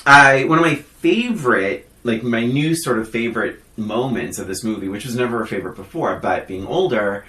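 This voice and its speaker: A man's voice: mid-range voice, fairly quick, few pauses. A man co-hosting a podcast in casual chat, animatedly retelling film scenes and acting out lines. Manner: animated storyteller who acts out movie lines. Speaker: podcast co-host. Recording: echoey room.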